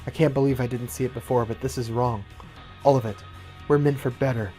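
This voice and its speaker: A man voicing a disillusioned woman warrior who speaks quietly and firmly. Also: medium pitch, fairly even intonation, fairly quick, faint music behind, lightly acted. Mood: resolute. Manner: quiet, firm.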